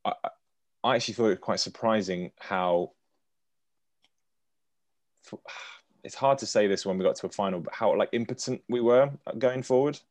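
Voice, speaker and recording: Male podcast host, deep, halting and chatty, dry recording. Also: dry recording. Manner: hesitant, many restarts, sighs. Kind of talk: casual football podcast chat.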